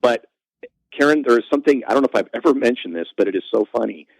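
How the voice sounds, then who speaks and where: A man, a comedian guest on a podcast, telling self-mocking anecdotes in a lively conversational way. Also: creaky, no echo, low-quality recording. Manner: animated, self-mocking anecdotes with quick pitch jumps. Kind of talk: conversational storytelling.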